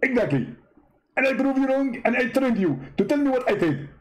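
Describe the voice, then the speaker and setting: A boastful, taunting male preacher, put on by a man in a raised, squeaky voice. He rambles fast and crows over every point, the pitch jumping all over the place. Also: expressive, muffled recording.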